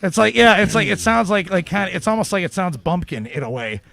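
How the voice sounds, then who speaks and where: A man's voice: high-pitched, fast talker, creaky, fairly bright tone. A man co-hosting a casual radio chat, playfully trying out accents.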